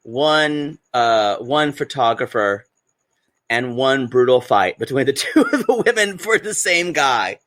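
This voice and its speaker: A man's voice: medium pitch, expressive, unhurried, a bit bright. A man co-hosting a podcast from home, giggly and rambling with plenty of fillers. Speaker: podcast co-host. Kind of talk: casual chat.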